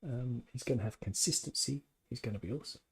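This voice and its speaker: A man's voice: medium pitch, fast, husky. A man hosting a casual live-stream podcast from home, reading out chat comments and rambling with opinionated, jokey asides.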